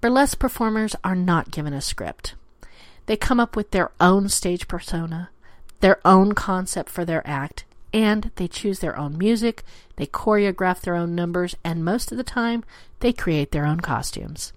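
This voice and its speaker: A woman's voice: lowish voice, expressive, moderate pace, no echo. A woman hosting her own adult-themed podcast, talking in a playful, theatrical way and dropping to a whisper for emphasis. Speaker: podcast host. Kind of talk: scripted solo show talk.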